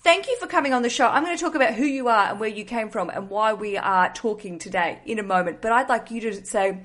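A woman's voice: a little high, fast, fairly bright tone. A woman hosting a podcast, bubbly, playful and theatrical in casual chat. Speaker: podcast host.

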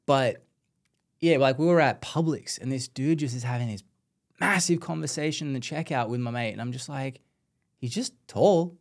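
A man's voice: medium pitch, a little fast. Laughing Australian man telling stories. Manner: laughs often, animated storytelling. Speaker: podcast host. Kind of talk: casual chat.

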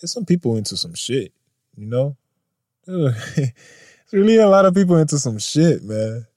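A man's voice: mid-range voice, sing-song, moderate pace, a little mellow, dry recording, studio quality. Laid-back swearing male podcast host. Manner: laid-back and swearing, laughs often, rambles off topic. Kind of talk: casual news chat.

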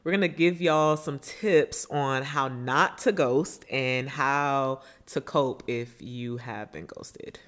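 Slow, low-voiced woman podcast host. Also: fairly bright tone. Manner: laid-back and chatty, laughs easily. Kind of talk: casual chat.

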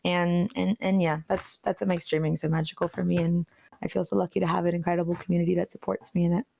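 Animated laughing woman streamer. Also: fairly low pitch, fast talker, creaky. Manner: animated storyteller, laughs often. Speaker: streamer guest. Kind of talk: casual interview chat.

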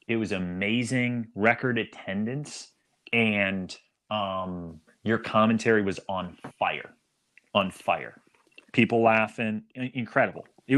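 A man's voice: fairly low pitch, fairly bright tone. A man guest on a podcast, chatting casually and telling a hypothetical story, with frequent ums and restarts. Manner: hesitant, many ums, storytelling. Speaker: guest, former soccer player.

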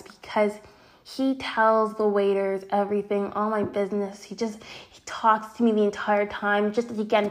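A woman in her twenties telling a personal story to her viewers, venting with frequent swearing and filler words. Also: mid-range voice. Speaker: storytime vlogger.

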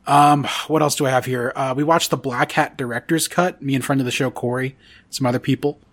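A man's voice: medium pitch, steady tone, a little fast, fairly bright tone. A man hosting a podcast in casual chat, rambling and enthusiastic with lots of fillers. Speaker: podcast host.

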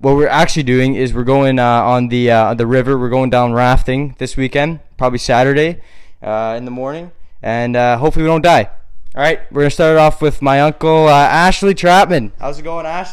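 A young man hosting a casual podcast chat from a cabin, rambling and halting, quick to laugh. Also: medium pitch, steady tone, smooth. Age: young adult. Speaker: podcast host.

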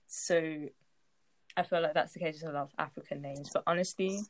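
A young woman in casual chat, relaxed and full of fillers. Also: low voice, a little fast, dry recording. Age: young adult.

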